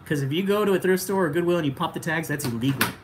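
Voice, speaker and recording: A woman chats and laughs through a casual toy-collecting livestream, teasing her co-host and greeting viewers. Her voice sits low but moves around a lot. A faint background hiss runs under it. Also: animated, racing. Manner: joking, laughs often, talks to chat. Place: home collection room.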